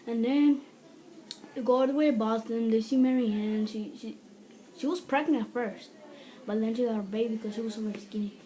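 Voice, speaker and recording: A woman with a fairly high, mellow voice retells a film in a loose, rambling way. She leans on "like" constantly and drops into other voices to act out lines. It is a casual spoken review. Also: brisk, a little hiss or hum, rough recording. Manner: rambling retelling full of "like", acting out quotes. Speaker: movie reviewer.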